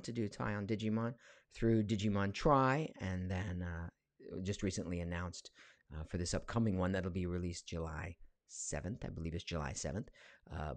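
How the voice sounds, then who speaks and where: A man's voice: on the low side, darkish tone, no room sound. A man in his forties, a voice actor, chatting casually on a live stream from his home studio, reading viewer questions aloud with lots of fillers. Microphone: studio mic.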